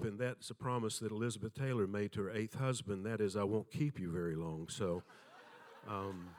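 Older Southern preacher telling folksy stories. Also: male voice, on the low side. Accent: Southern American. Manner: folksy storyteller, acts out quoted voices. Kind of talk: sermon with storytelling.

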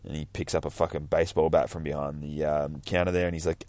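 A man's voice: rumbling low, little pitch movement, fast talker, a little mellow, dry recording. A man casually reading through a comic book, cursing freely and rambling about the panels. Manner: profane, rambling, bursts of hype. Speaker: comic reader vlogger.

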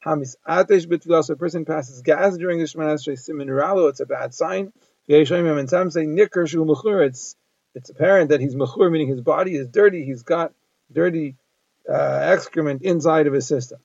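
A man's voice: a little high, normal speed, creaky, a little mellow, no room sound. A man giving a daily Talmud lesson, translating phrase by phrase in an explanatory manner. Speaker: Talmud teacher. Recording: dull lo-fi dry recording.

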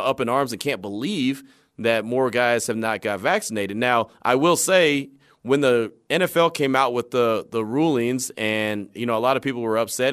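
A man's voice: mid-range voice, clean tone. A man hosting a sports talk show, chatting conversationally about football news and sometimes acting out quotes. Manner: conversational, animated storytelling with acted asides. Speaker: sports radio host.

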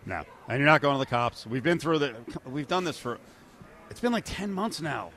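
A man hosting a casual talk radio show, animated and joking. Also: moderate pace, slight background noise. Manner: animated, mocks quotes in high voices, laughs.

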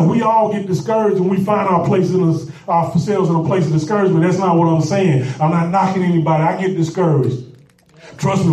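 A man preaching a sermon with call-and-response, repeating phrases and building to shouts. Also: high-pitched, distant mic. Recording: echoey room, voice off-mic.

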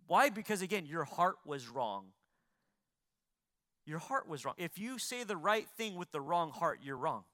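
High-voiced bright preaching man. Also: very animated, a little slow. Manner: preaching with sharp swings between loud emphasis and quiet pleading; repeats lines for emphasis, asks the congregation questions. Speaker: pastor. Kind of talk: sermon.

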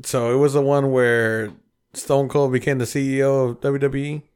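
A man's voice: medium pitch, normal speed, clean tone. Man, casual podcast chat, profane, acts out quotes. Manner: profane, animated storytelling with voiced quotes. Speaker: podcast co-host.

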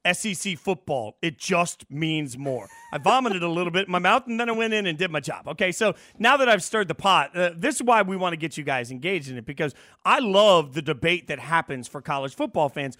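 A man hosting sports talk radio, animated and opinionated, stirring up debate with his co-host. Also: a little high, no room sound, clean studio sound. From Las Vegas.

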